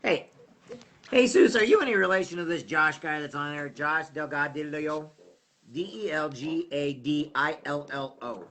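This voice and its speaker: A man's voice: a little high, animated, moderate pace, fairly bright tone. Rambling man hosting a casual livestream. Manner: rambling, loses his train of thought. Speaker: livestream host.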